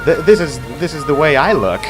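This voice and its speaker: A man's voice: fairly high pitch, sing-song, a little fast, over music. A man giving casual let's play commentary, chatty, laughing at the game, a non-native English speaker. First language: not English.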